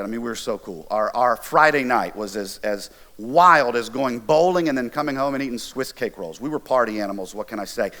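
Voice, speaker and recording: A middle-aged male pastor tells a story from the pulpit, chatty and lively, throwing in playful asides to the crowd. His voice sits at an ordinary middle pitch for a man. The delivery is conversational rather than formal. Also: fairly quick, few pauses. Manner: animated, conversational, jokey asides. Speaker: college ministry pastor. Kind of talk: storytelling sermon.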